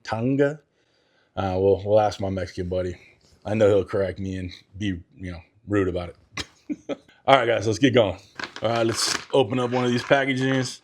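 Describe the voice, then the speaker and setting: A man's voice: fairly low pitch, steady tone, normal speed, a little hiss or hum. A man hosting a casual home cooking vlog in a chatty, self-mocking way, stumbling over words as he talks through a recipe in his kitchen. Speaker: cooking channel host.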